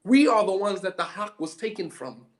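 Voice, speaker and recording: Heated high-voiced preacher man. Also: lively intonation, normal speed. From United States. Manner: heated, emphatic, repeats for emphasis. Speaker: Muslim preacher. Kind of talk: impassioned lecture.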